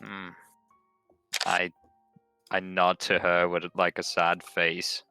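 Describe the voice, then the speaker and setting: A man playing in a tabletop game, speaking slowly, hesitantly and politely. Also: low-pitched, monotone, gravelly, sharp tone, clear, resonant tone, faint music behind. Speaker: player. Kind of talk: tabletop role-play.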